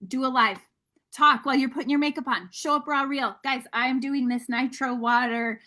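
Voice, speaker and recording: Upbeat high-voiced woman coaching her team. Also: normal speed. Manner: energetic, candid, addresses listeners as guys. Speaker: sales team leader. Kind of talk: motivational team training talk.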